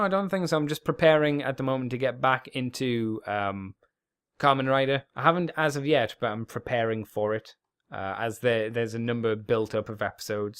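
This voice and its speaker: A man's voice: on the high side, fairly bright tone, clean tone. A man hosting a podcast alone, rambling casually with plenty of swearing and self-deprecating asides. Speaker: podcast host.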